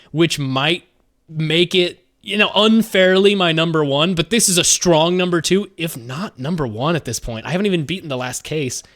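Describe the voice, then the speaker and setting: A young man streaming a game live, excitable and emotional, swearing often as he reacts. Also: on the high side.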